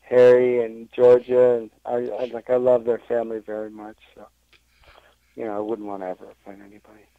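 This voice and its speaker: A man's voice: mid-range voice, monotone, a little fast, no echo, narrow, tinny audio. A man being interviewed on a podcast, rambling through stories with lots of fillers and restarts. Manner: rambling storytelling, full of fillers and self-corrections. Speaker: interview guest, wrestling impressionist.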